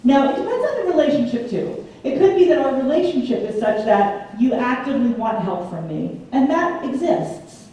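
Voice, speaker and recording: A woman giving a public lecture, telling lively stories and acting out the voices she quotes. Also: sits high, normal speed, few pauses. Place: large community hall. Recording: echoey hall from far off, faint hum.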